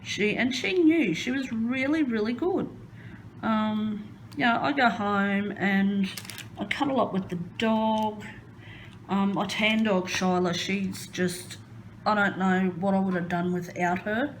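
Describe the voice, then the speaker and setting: A woman's voice: medium pitch, slow pace, a little hiss or hum, low-quality recording. A woman chatting casually while crafting at home, rambling and hesitant with many ums. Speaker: crafting vlogger.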